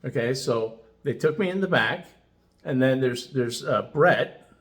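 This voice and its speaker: A man with a mid-range voice speaks a little slowly, casually sharing a personal story as a customer testimonial. He's chatty and enthusiastic, retelling it in an animated way and dropping lots of "you know" fillers.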